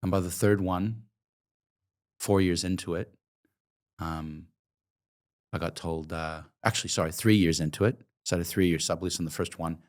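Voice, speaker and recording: Interviewed as a guest, an Oregon man in his fifties who founded a coffee company reflects emotionally on his life, often hesitating with ums. His deep voice is fairly even in intonation, moderately paced, and broken by long pauses.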